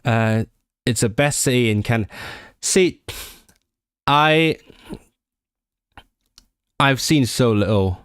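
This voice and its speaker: A man in his late twenties from Hong Kong, hosting a livestream and chatting casually and excitably with viewers, often restarting his sentences. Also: mid-range voice, slow pace, pauses often, clear, resonant tone, no echo, clean studio sound. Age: late 20s. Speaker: livestream host. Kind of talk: casual chat with stream viewers.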